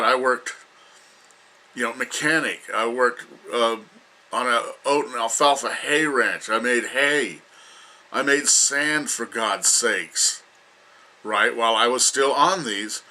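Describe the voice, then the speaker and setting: A man's voice: mid-range voice, bright, forceful tone. An older man giving an emphatic, lecturing opinion rant as a vlogger, repeating himself for emphasis.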